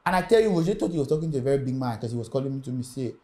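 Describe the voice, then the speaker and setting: Brief: young male musician, lively interview storyteller who acts out the voices in his story. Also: mid-range voice, racing. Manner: animated storyteller acting out quoted voices. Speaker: music artist guest.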